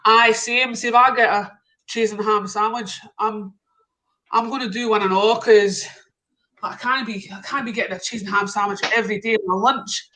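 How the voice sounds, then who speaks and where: A woman's voice: medium pitch, steady tone, normal speed, bright, forceful tone, natural voice, low-quality recording. A woman voicing a Scottish builder in a joke, with a put-on Scottish accent. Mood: fed up. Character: complaining Scottish builder, adult man.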